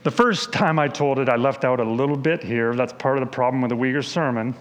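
A man's voice: mid-range voice, fairly quick. A man teaching a Bible story by quizzing listeners and explaining as he goes, in a conversational way. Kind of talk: question-and-answer Bible story review. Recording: long hall reverb.

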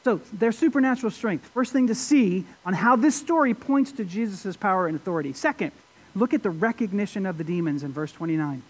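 A man preaching a sermon, expressive, asking his listeners rhetorical questions. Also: high-pitched, a little fast. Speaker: pastor.

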